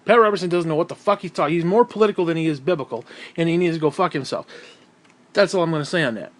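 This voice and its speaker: Irritable male vlogger, profane rant, fairly high voice, heavy sighs. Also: very fast. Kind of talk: angry ranting monologue.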